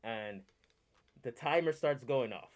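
A man co-hosting a wrestling podcast, recapping a match in an animated, heavily profane rant. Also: mid-range voice, slow. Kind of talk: casual chat, heated recap.

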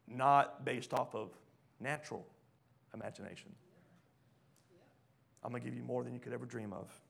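A man preaching a sermon, reading scripture aloud and questioning the congregation, swinging from hushed lines to loud ones. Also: medium pitch, normal speed, gravelly, breathy edge. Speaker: pastor.

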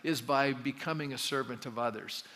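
A male pastor preaching a sermon in a relaxed, conversational way, often putting questions to the congregation. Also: mid-range voice, normal speed. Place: church sanctuary. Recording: long church hall reverb.

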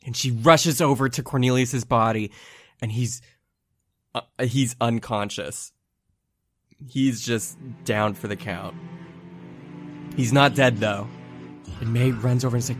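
A man narrating as game master of a tabletop game, playful and unhurried, with faint music behind. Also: mid-range voice, fairly even intonation. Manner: slow, playful narration with laughs.

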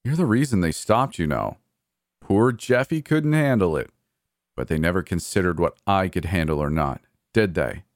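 A man's voice: low voice, lively intonation, moderate pace, no echo, studio quality. A man voicing a sneering, murderous brother. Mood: taunting. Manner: taunting, sneering, coldly cheerful. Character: mocking murderous adult brother, cold and gleeful. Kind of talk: horror story dialogue.

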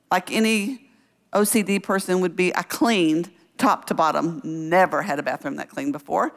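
Woman church speaker, funny lively storyteller, middle pitch, big hall echo. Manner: lively, humorous storyteller who acts out quotes. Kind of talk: personal story leading into Bible teaching. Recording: long reverb of a hall.

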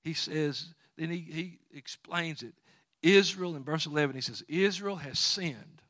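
A man preaching a sermon, quoting scripture and swinging between loud exhortation and quiet asides. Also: on the high side, normal speed, dry recording, studio quality.

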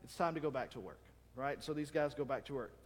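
A male pastor preaches a conversational sermon at a quick pace in a mid-range voice, with a long reverb tail trailing his words. He often checks in with the congregation with "right?" and acts out his anecdotes using voices and sounds.

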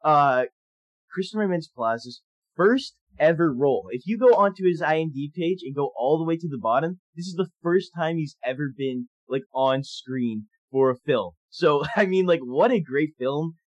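A young man co-hosting a casual film discussion, chatty and animated, laughing often as he talks. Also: a little high, moderate pace, no room sound, muffled recording. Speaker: podcast co-host.

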